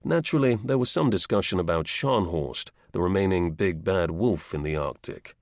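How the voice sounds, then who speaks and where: A man narrates an audiobook in a measured, steady manner. His voice sits on the low side and carries a gravelly rasp. The recording is dry and close, with no room sound. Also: dry recording. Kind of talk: scripted narration.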